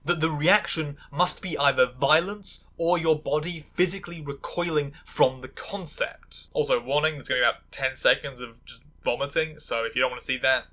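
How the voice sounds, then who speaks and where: A woman's voice: low-pitched, fairly bright tone. A woman giving sarcastic video essay commentary, full of stammering restarts and angry asides.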